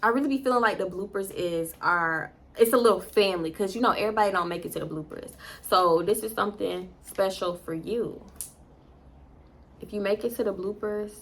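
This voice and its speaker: A young woman telling a storytime to camera in casual chat, animated and jumping into loud high-pitched quotes. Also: normal speed. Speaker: storytime vlogger.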